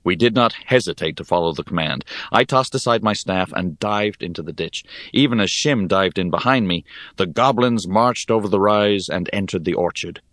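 A man narrating a fantasy story in the first person, in a measured, expressive way. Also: sits low, no echo, studio quality. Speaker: audiobook narrator.

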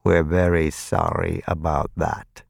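A man voicing a cold, calculating vampire who speaks slowly and evenly, with a practiced, hollow sympathy. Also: low voice, fairly even intonation, creaky, a little mellow, no echo, studio quality, exaggerated voice. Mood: cold, measured. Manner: slow, measured, detached.

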